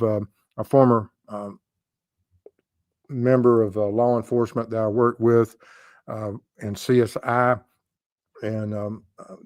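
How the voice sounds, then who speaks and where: A man's voice: medium pitch, darkish tone, no echo, studio quality. An older man hosting a casual true crime livestream, rambling with many ums and uhs as he greets viewers in the chat.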